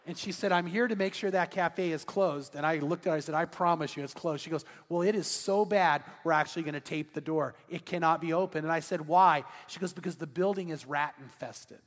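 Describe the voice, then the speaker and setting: Male pastor, high voice, animated storyteller, long church reverb. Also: fairly quick, hardly any pauses. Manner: animated, acts out dialogue in his story. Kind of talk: sermon storytelling. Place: large church sanctuary.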